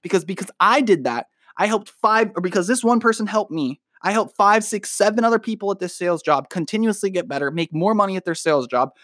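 A young man talks straight at the listener in a swearing, emphatic motivational rant, calling them dude. His voice sits a little higher than most men's. The recording is dry and close, with no room sound. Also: animated, fast, few pauses, fairly bright tone, no room sound. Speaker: podcast host. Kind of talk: motivational monologue.

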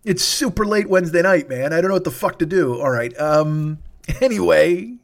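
A man's voice: fairly high pitch, expressive, moderate pace, creaky. A man hosting a solo comedy podcast, tired and sniffly, rambling and swearing with self-mocking humor.

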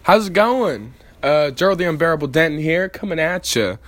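A man's voice: fairly high pitch, lively intonation, moderate pace, a bit bright. A tired young man talking casually to his viewers in a rambling, motivational vlog pep talk full of fillers. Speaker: vlogger.

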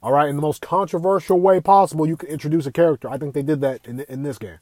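A young man hosting a casual gaming podcast, talking in an excitable, profane, rambling way. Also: fairly high pitch, fast talker, no room sound. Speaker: podcast host.

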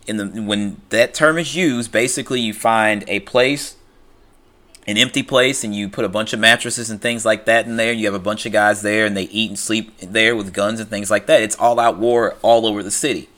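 A man's voice: lowish voice, steady tone, normal speed, bright, forceful tone. A man casually retelling a film's plot, full of fillers and "he's like" quotes. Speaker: film recapper. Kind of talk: casual spoken film recap.

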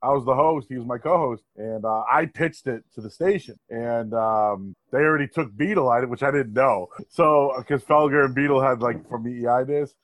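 A man's voice: medium pitch, moderate pace, hardly any pauses, a bit bright, no room sound. A man in his thirties with a Boston accent, a sports radio host guesting on a podcast and telling his story in a laid-back, slangy way. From Boston area. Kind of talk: casual podcast chat.

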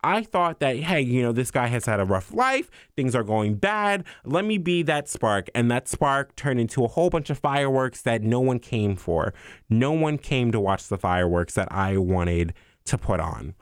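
A young man telling a story in a heated, profane rant, exasperated and animated as he vents. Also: medium pitch, normal speed, clean tone, no room sound, clean studio sound. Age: young adult. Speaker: vlogger. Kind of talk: ranting storytime.

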